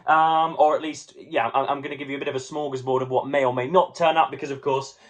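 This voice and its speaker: A young man talks casually to camera about the books on his shelf. He is wordy and playfully pompous, reaching for grand words and stumbling through ums and restarts. His voice sits at a middling pitch. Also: steady tone, fast talker. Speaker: book vlogger.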